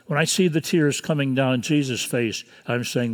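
An older man in his sixties delivers a sermon from the pulpit with an earnest, measured delivery. His voice sits at an ordinary middle pitch, and long reverb from the church sanctuary trails after each phrase. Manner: earnest, measured preaching with pauses. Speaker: pastor.

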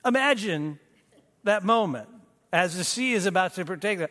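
Man, middle-aged pastor, sermon, high voice, conversational, self-deprecating, long church reverb. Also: animated, moderate pace, fairly bright tone. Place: church sanctuary.

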